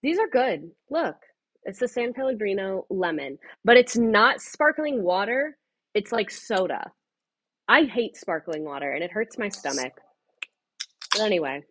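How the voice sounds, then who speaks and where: A woman's voice: medium pitch, lively intonation, a little slow, a bit bright, dry recording. A young woman streaming a casual history lesson from home, chatty and profane, going off on tangents and talking into wireless earbuds.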